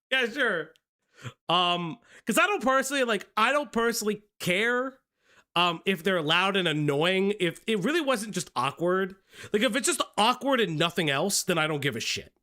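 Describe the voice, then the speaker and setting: A man hosting a live-stream drama commentary in a casual, profane way, with restarts and a voice going hoarse. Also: high voice, lively intonation, moderate pace, pushed and bright. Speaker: streamer host.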